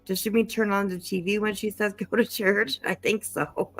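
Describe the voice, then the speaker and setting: A woman's voice: mid-range voice, steady tone, moderate pace, faint music behind. A woman hosting a livestream, reacting to clips in casual commentary, blunt and profane and laughing often. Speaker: livestream host.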